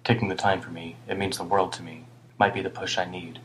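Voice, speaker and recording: A worn-down older homeless man with a British accent, voiced by a male audiobook reader. He rambles ruefully and heaps blame on himself in a low, deep voice, sometimes muttering. A faint hum lingers behind him. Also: little pitch movement, fairly quick, a bit bright, rough recording.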